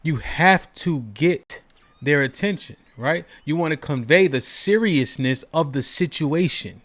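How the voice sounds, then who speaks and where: A man holds forth on a call-in show in a fairly high voice. His delivery is emphatic and preachy, full of rhetorical questions and constant "right?" check-ins. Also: measured pace, fairly bright tone. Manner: emphatic, repeats "right?" often. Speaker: podcast host.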